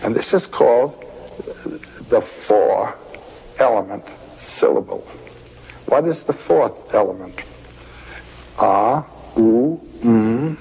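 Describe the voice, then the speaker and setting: An older man talks in an unhurried, husky voice that sits a little low. He muses aloud as an interview guest and now and then draws out chanted vowel sounds. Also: a little mellow, low-quality recording. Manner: slow and musing, intoning vowel sounds. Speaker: interview guest, mythology scholar. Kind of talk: reflective interview talk.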